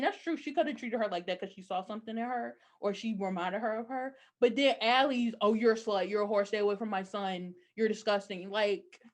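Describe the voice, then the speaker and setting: Animated young woman, slightly high voice. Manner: animated, opinionated storytelling with frequent "like". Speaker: podcast co-host. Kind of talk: casual chat recapping a TV episode.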